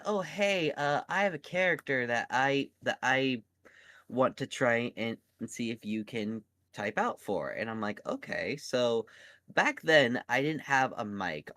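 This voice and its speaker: A man's voice: fairly low pitch, fairly bright tone, no room sound. A man, a voice actor, recounting how he got started in a casual, rambling way full of restarts, talking over an online call. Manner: rambling, halting storytelling with many restarts. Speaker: voice actor guest. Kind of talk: casual podcast chat.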